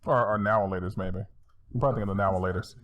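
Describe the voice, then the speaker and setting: A young man co-hosting a casual podcast, teasing the others with quick comebacks. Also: low voice, steady tone, over a noisy crowd. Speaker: podcast co-host. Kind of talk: casual chat.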